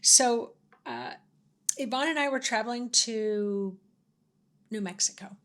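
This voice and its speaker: A woman's voice: a little high, slow pace, a bit bright. A woman hosting a spiritual talk, telling a personal story in a casual, chatty way with many fillers and restarts. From Washington State, US. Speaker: host sharing spiritual stories.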